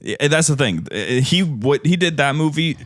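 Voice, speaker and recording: A man co-hosts a casual film chat, his pitch swinging lively up and down as he laughs his way through it. He sounds close and dry, with no room around him. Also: normal speed, dry recording. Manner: animated, laughs often. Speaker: podcast co-host.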